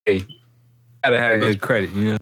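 A man's voice: fairly low pitch, steady tone, fairly quick, a bit bright, no echo. A man joking around in casual podcast chat.

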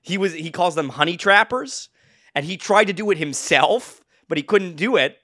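A man's voice: sits high, lively intonation, normal speed, sharp tone. A young man co-hosting a podcast, telling a rambling story in casual chat, laughing often and restarting his sentences. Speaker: podcast co-host.

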